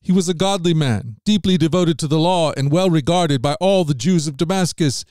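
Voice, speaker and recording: A man reading Bible passages aloud as a podcast host, in a measured, steady manner that lifts slightly on quoted speech. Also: fairly high pitch, dry recording, studio quality.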